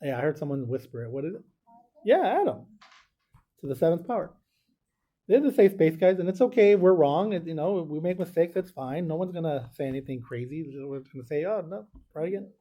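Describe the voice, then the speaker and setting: Speaking fast in a dark-toned voice on the high side, a male math teacher walks students through arithmetic one step at a time, checking in with them as he goes.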